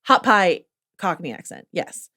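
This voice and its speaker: A woman's voice: on the low side, very animated, unhurried, pushed and bright. A woman co-hosting a podcast in a casual recap chat, chatty and enthusiastic, with many filler words. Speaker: podcast co-host.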